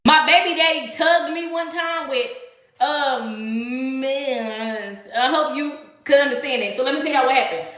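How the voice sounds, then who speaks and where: A woman's voice: high-pitched, pushed and bright, heavy reverb, a little hiss or hum. A woman telling a personal story in casual storytime style, blunt and full of profanity, acting out the voices of the people in it.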